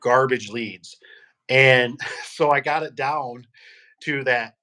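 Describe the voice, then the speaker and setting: A man's voice: medium pitch, takes it slowly, bright, forceful tone. A man, a garage door business owner, chatting casually and rambling through stories while acting out the people he quotes. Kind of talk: casual podcast chat.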